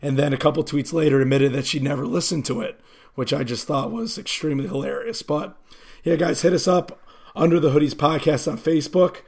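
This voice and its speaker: Man, podcast co-host, casual storytelling, filler-heavy, fairly high pitch. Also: fairly even intonation, fairly quick, vocal fry, darkish tone. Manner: loose storytelling with many fillers. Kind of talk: casual sports podcast chat.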